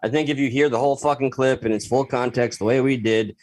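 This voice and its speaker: A man's voice: mid-range voice, fairly even intonation, fast talker, no echo. Emphatic, swearing man, dry close sound. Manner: emphatic, profane. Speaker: podcast co-host. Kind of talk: casual chat.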